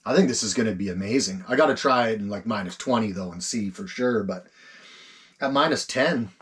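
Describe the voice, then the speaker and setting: A man filming a relaxed camp cooking vlog inside an ice fishing tent, savoring his food and talking with his mouth full. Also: fairly low pitch, brisk, breathy edge. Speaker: outdoor vlogger.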